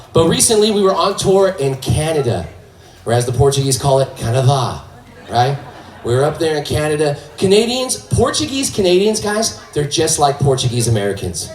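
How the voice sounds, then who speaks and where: Loud crowd-working stand-up comedian man. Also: mid-range voice. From California. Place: stage in a hall, live audience. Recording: echoey hall, mic at distance, crowd noise.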